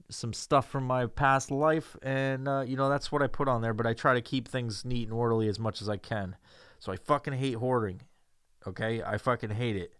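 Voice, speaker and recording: Middle-aged male host from New York, smooth, full-bodied voice, dry close sound, crude rambling profanity-laced solo rant. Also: mid-range voice, fairly bright tone, no echo. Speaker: podcast host.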